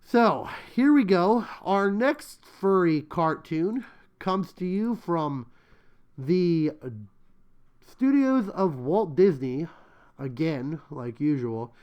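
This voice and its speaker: A podcast host in casual commentary who rants excitably, with slang and emphatic repetition. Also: mid-range voice, slow pace, clean tone, lo-fi sound. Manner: slangy, chatty.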